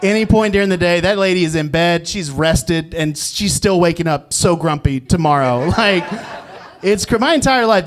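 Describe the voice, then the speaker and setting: A man with a drawl tells stand-up stories from a club stage into a handheld mic. His voice sits a little high, and he slips into the people he quotes and chuckles at his own jokes between lines. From Virginia, US South. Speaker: stand-up comedian. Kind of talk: stand-up comedy set. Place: comedy club stage before a live audience.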